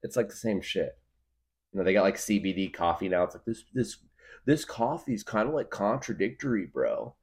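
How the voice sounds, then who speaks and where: A man's voice: fairly low pitch, lively intonation, normal speed, a little mellow, breathy edge. A man rambling through a casual comedic monologue as a podcast guest, stuffing his talk with filler words and joking exaggerations. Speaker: podcast guest, craft beer guru.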